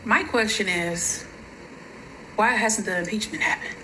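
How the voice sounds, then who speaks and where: Furious profane woman ranting, bright voice. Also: medium pitch, a little slow, a little hiss or hum, low-quality recording. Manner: furious, profane, shouting in bursts. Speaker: social media creator. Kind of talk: angry rant to camera.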